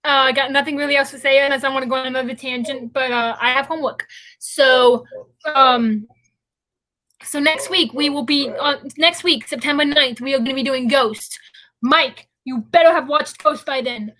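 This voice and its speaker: A woman's voice: high-pitched, steady tone, moderate pace, pushed and bright, rough recording. A young woman hosting a casual livestream chat, rambling and chatty as she drifts off on tangents. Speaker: host.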